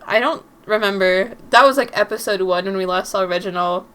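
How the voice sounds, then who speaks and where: A woman's voice: mid-range voice, brisk, a bit bright, clean tone. A young woman reading a visual novel aloud, narrating casually and breaking off to comment and giggle. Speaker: gaming creator.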